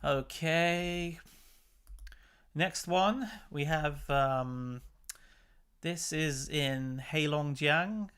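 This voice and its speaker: A man's voice: on the high side, very slow, pauses often, a bit bright. A man hosting a channel, chatting casually and with exasperation as he comments on news clips. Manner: chatty and exasperated, laughs between remarks. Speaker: channel host.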